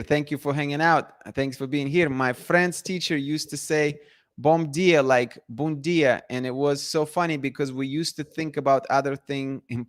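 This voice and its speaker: A man's voice: medium pitch, a bit bright, no echo. Guy chatting on a livestream, laughs a lot, dry close sound. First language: Russian. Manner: chatty, laughs often, trails off and restarts. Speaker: livestream host. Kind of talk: casual livestream chat reading comments.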